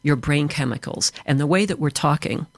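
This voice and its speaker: A man's voice: a little high, fairly quick, gravelly, no echo. A man from Chicago with an American accent, answering interview questions in a fluent, explanatory way as an author and trainer. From Chicago, USA.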